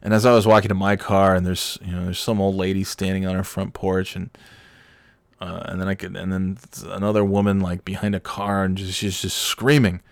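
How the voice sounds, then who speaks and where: With a completely flat, gravelly delivery at a brisk pace, a male podcast host rambles through a story that pokes fun at himself. He acts out quotes in high yelling voices, and the sound has no echo.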